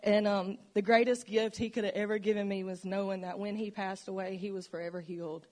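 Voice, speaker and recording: Woman, church testimony, earnest and emotional, reflective storytelling, mid-pitched voice. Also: flat delivery, a little fast, darkish tone. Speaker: church member giving testimony. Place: church sanctuary.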